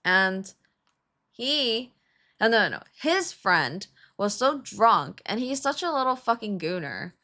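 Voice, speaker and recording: Lively swearing woman telling a story. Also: medium pitch, slow pace. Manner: animated, laughing, swears freely, many fillers. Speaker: streamer, co-host with her husband. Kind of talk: casual storytelling chat.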